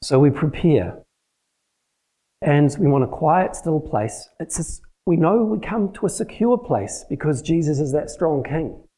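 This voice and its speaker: A man's voice: on the high side, animated, measured pace, warm tone, slightly rough, poor audio. A man teaching a church group in a plain, conversational sermon, using practical everyday examples. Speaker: church teacher leading a prayer session.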